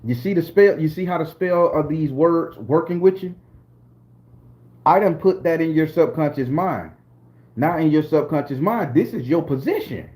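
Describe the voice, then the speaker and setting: A Southern American man talks casually on a live stream, his voice sitting high and leaping up into sharp, excited exclamations. He is profane and animated, with wide swings in his delivery. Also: moderate pace. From southern Florida, USA. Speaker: spiritual channel host.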